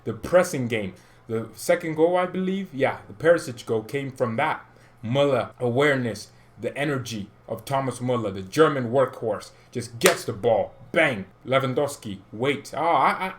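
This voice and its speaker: A man hosting a fan channel, ranting about his team in an excitable, jokey way with loud outbursts. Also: medium pitch, normal speed. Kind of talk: excitable football fan commentary.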